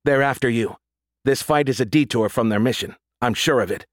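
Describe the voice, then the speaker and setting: A man narrating an audiobook voices a sharp young woman who gives brisk, urgent orders over a radio link. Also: mid-range voice, no room sound, clean studio sound, close to an everyday voice. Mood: urgent, commanding.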